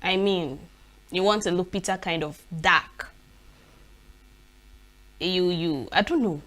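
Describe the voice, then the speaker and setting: A young Nigerian woman presenting a live newspaper review, talking in an animated, expressive way with frequent laughs and restarts. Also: lowish voice.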